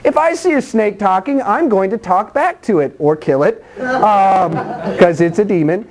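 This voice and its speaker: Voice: medium pitch, moderate pace, a crowd in the background. Preacher doing a sermon, blunt and chatty, acts out the bible stories with voices and sound effects. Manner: animated storytelling with acted-out voices and sound effects; conversational and blunt.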